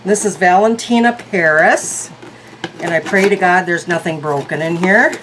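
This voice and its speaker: A woman's voice: lowish voice, normal speed, noisy background. A woman reviewing beauty products in a casual vlog, chatty and thinking aloud. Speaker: beauty vlogger.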